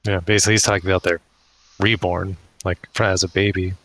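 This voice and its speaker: A man's voice: deep voice, flat delivery, quick pace, fairly bright tone, rough recording. A man running a tabletop game as dungeon master, often laughing as he voices the townsfolk.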